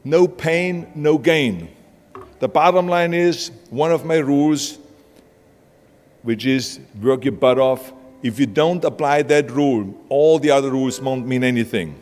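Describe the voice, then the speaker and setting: A man's voice: mid-range voice, measured pace, a little mellow. A man from Austria with an Austrian accent giving a blunt, emphatic motivational speech in a large hall. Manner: emphatic, blunt, plain-spoken. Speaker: motivational speaker. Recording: hall reverb with music underneath.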